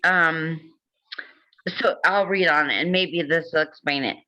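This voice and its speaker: Bright-voiced woman reading aloud. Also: low-pitched, slow pace, muffled recording. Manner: reads passages then comments with jokes and laughs. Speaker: host. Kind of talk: reading aloud and casual chat.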